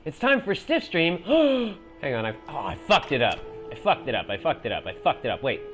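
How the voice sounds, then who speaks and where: A man's voice: mid-range voice, wildly swooping pitch, a little fast, soft background music. A young man giving casual gameplay commentary as he plays, swearing a lot and shrieking when he is startled. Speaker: gaming video host.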